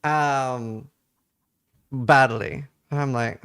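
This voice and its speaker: Gravelly Norwegian man telling a story. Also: mid-range voice, measured pace. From Norway. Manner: rambling, animated anecdote with filler words. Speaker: streamer. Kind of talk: casual storytelling while gaming.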